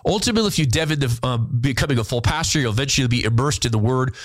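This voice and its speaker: A male podcast host reads listener letters aloud and answers them earnestly, showing his emotions openly and sometimes halting or repeating words when moved. His medium-pitched voice has lively intonation, and the recording is dry.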